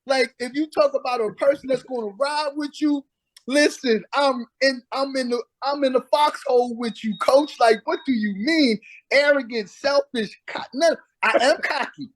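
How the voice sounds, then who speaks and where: A man's voice: very high voice, moderate pace, dry recording. A middle-aged man, a former pro basketball player, telling stories in a casual interview with emphasis and acting out past conversations.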